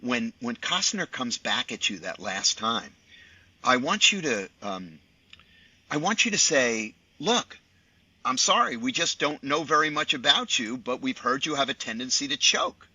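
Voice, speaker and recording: Man putting on a quiet director whispering notes, bright tense tone. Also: mid-range voice, big pitch swings, unhurried, husky, dry recording, full character voice. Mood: confiding. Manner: quiet, confiding, half-whispered. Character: hushed male film director giving notes. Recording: dull dry lo-fi audio.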